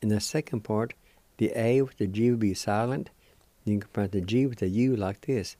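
An older man with a Cherokee accent teaching words slowly and deliberately as a radio language teacher, repeating each one. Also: fairly low pitch, mellow, no room sound. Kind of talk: slow spelled-out language lesson.

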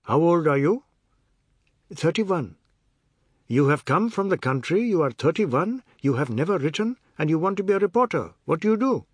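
A brisk, teasing newspaper editor from a storybook reading, put on by a male narrator in a raised voice. He fires off questions with a lively, up-and-down pitch. The voice is a little husky and sounds close and dry. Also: no room sound. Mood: quizzing. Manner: quizzing, teasing, higher-pitched.

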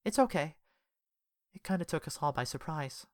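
A woman's voice: low voice, lively intonation, normal speed, dry recording, studio quality, pitched above the performer's own voice. A woman voicing a talkative, sympathetic woman who is an old friend. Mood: gentle. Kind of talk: audiobook character voice.

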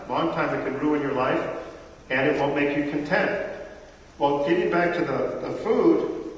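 A middle-aged man preaching a sermon in a chatty, conversational way, asking his congregation questions, recorded from far off in an echoey church hall. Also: on the high side.

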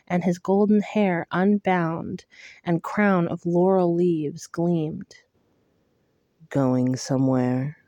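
A woman reading a first-person novel aloud in a hushed, intimate way. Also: lowish voice, no echo, muffled recording. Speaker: audiobook reader.

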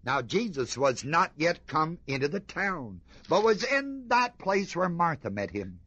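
A fervent male preacher reading scripture and breaking off to quiz his congregation, his voice a touch higher than most men's. He swings from hushed, slow lines to keen, rising emphasis. The recording is dull and close, with no room sound at all. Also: big pitch swings, slightly rough, no room sound. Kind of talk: sermon, reading and commenting on scripture.

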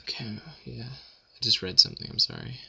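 A young man rambling through listener questions in a casual audio Q&A, with deadpan self-deprecating jokes. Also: on the low side, moderate pace, vocal fry, breathy edge. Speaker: vlogger answering questions.

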